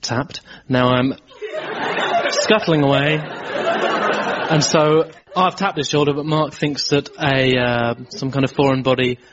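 A man, a regular on a comedy show, calmly narrating his own prank in deadpan banter. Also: medium pitch, takes it slowly, very noisy. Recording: dull lo-fi live recording with crowd. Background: audience laughter.

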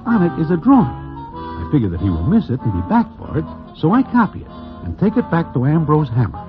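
An actor playing a wry Broadway storyteller who narrates in a formal present tense, in a 1940s radio drama. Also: male voice, on the high side, wildly swooping pitch, brisk, soft background music. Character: wry Broadway storyteller man, plain-spoken. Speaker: narrator and lead character. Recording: tinny old radio broadcast.

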